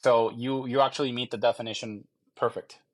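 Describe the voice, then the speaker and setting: A young man working as a mortgage loan officer in a live stream, answering viewer questions in a halting way and repeating phrases as he checks. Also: medium pitch, steady tone.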